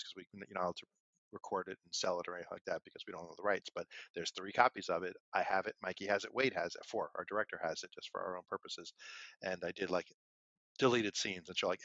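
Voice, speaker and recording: A man's voice: low-pitched, bright, forceful tone, dry recording. A man co-hosting a podcast, telling a rambling, casual story with many fillers and restarts. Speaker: podcast co-host. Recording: dull, lo-fi, dry sound.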